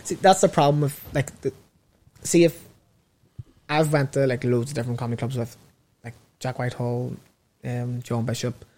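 A man's voice: mid-range voice, steady tone, normal speed, a little mellow. A Northern Irish man telling rambling stories in a casual chat about comedy, with many restarts.

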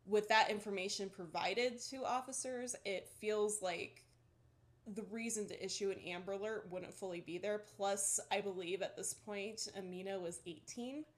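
A woman's voice: medium pitch, normal speed. Chatty young woman podcast host. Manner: chatty, many "like" fillers, laughs often. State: dry-mouthed, just woke up. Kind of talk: casual podcast chat.

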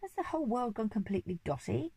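A woman's voice: on the high side, big pitch swings, fast talker, creaky, mellow, breathy edge, dry recording, pitched above the performer's own voice, full character voice. A woman putting on a blustering old duke. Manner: bellowing, bossy. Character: blustering old male duke, short-tempered.

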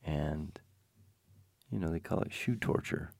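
A man's voice: very deep voice, unhurried, gravelly, darkish tone, slightly rough, no room sound. A man telling a rambling personal anecdote with wry, self-deprecating humor and many digressions. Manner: digressive, frequent restarts.

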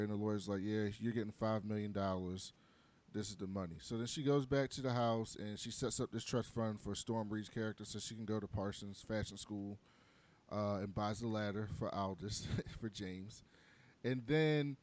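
A man's voice: mid-range voice, a little mellow. A man in a casual movie review chat, retelling a plot in a loose, rambling way.

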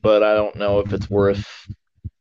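A man's voice: on the low side, monotone, measured pace, a little mellow, smooth, no echo, muffled recording. A man hosting a casual podcast chat, steering the talk and swearing casually. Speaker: podcast host.

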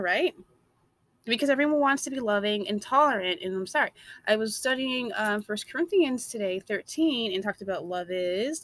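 A woman's voice: a little high, a bit bright, no echo. A woman delivering a blunt, emphatic opinion monologue.

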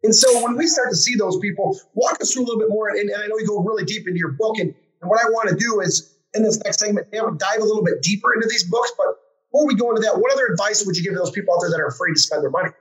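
A man's voice: sits high, rapid-fire, low-quality recording. A man hosting a finance interview, enthusiastic and talkative, with many restarts and fillers. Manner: enthusiastic, filler-heavy, restarts, asks long questions. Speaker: host of a finance show.

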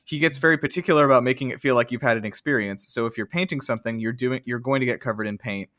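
A man's voice: mid-range voice, racing, fairly bright tone, no echo, clean studio sound. A man co-hosting a casual podcast chat, rambling with lots of fillers and casual swearing. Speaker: podcast co-host.

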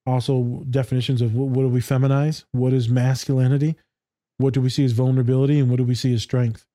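Candid swearing man, mellow voice. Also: mid-range voice, little pitch movement, fast, no room sound, studio quality. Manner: candid, swearing, laughing, acts out quoted voices. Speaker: co-host, therapist. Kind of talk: casual podcast chat.

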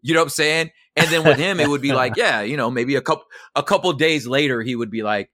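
A middle-aged man telling a story as a podcast guest, slangy and animated, acting out both sides of an argument. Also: medium pitch, fast talker, dry recording, studio quality. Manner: animated, slangy, acts out quotes. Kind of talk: casual storytelling.

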